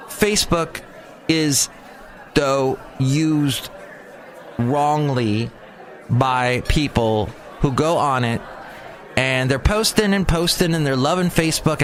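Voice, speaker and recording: A man's voice: medium pitch, fairly bright tone, a little hiss or hum. A man in his forties hosting a solo podcast, rambling with jokes and asides. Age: 40s. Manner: rambling, joking, wandering asides. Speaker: podcast host. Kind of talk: casual solo monologue. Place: small hot room.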